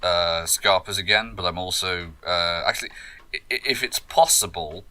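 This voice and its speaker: A man's voice: low voice, moderate pace, bright, forceful tone. A man playing a tabletop game, thinking his moves through aloud with many fillers. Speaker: player.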